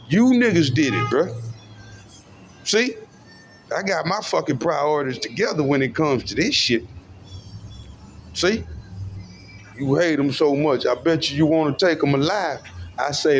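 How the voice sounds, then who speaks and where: A man delivering a profane ranting monologue, his voice jumping between low mutters and sudden high outbursts, with a faint hum of traffic behind. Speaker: self-styled preacher vlogger.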